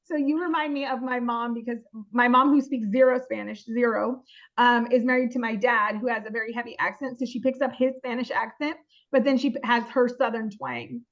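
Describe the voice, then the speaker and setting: A woman co-hosting a live video call, bubbly and quick to laugh, moderating questions. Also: a little high, steady tone, a bit bright, highs cut off. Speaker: co-host.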